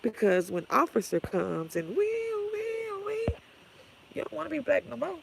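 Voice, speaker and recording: A woman's voice: medium pitch, very animated, a little fast, creaky, a little hiss or hum, rough recording. A woman ranting on her livestream, blunt, sassy and trash-talking. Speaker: vlogger. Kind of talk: profane ranting livestream talk.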